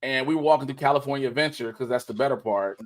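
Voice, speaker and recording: A man chatting casually on a livestream he hosts. He tells stories with energy and acts out what other people said. His voice sits at a middling pitch. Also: quick pace. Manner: animated storyteller, acts out quoted dialogue. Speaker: host.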